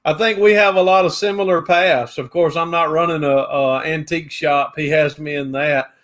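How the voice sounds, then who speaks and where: A man's voice: on the high side, steady tone, moderate pace, a bit bright. A man co-hosting a casual livestream, greeting viewers by name in a folksy, chatty way. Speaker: livestream co-host. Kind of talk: casual live chat.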